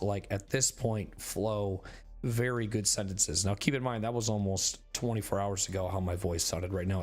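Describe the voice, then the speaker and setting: A hoarse man chats to his stream from his bedroom, his lowish voice a little raspy and worn. He rambles and restarts, leaning on fillers, with faint music playing behind him. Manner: rambling, filler-heavy, halting. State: hoarse, recovering voice. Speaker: game streamer. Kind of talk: casual chat to stream viewers. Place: bedroom at home.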